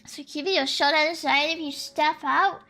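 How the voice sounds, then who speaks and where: A woman's voice: high-pitched, steady tone, moderate pace, pushed and bright. A young woman streaming, chatting casually and reading out chat, playful and giggly, rambling with restarts. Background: faint lofi music.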